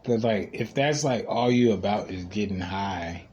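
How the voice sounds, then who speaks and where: A man's voice: lowish voice, measured pace, a little mellow, highs cut off. A man hosting a podcast, telling rambling stories in a blunt, profane, casual way. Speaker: podcast host. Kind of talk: casual solo podcast rant. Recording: distant mic with clear background noise.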